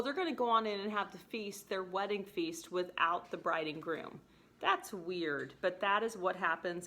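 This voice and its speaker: A woman teacher giving a casual lesson, chatty and animated as she paraphrases the scenes in everyday language. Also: lowish voice.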